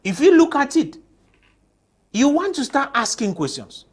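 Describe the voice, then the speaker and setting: Panelist, male, high voice, emphatic debater who leans on rhetorical questions in a TV studio. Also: big pitch swings, measured pace. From Cameroon. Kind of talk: TV panel discussion.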